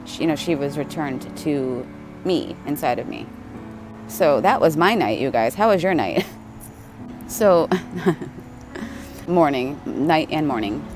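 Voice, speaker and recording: A woman telling a personal spiritual story in a rambling, casual way, swearing often and asking "right?". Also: low-pitched. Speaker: spiritual vlogger.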